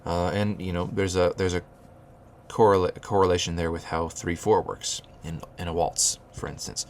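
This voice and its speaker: A man's voice: deep voice, level tone, normal speed, slight background noise. A man teaching rhythmic solfege, explaining note beams and chanting counting syllables, often restarting his phrases. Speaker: music teacher.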